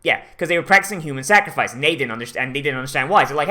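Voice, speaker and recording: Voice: mid-range voice, lively intonation, quick pace, bright, forceful tone. Profane, rambling host. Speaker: anime watch-along host. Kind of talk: casual rambling commentary.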